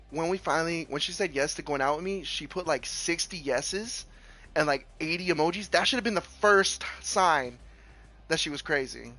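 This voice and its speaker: A man streamer telling a story casually, animated and laughing, with lots of restarts. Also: on the high side.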